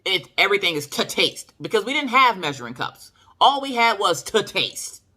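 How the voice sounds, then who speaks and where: Southern US woman vlogger, sassy storyteller, lively pitch, bright edge. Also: normal speed, husky. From Southern United States. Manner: sassy, animated, emphatic. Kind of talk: casual storytelling to camera.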